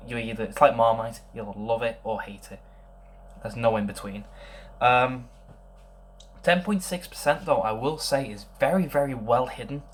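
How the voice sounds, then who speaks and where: A young man giving a casual beer tasting review, thinking aloud and rambling with many pauses. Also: on the low side, slight background noise.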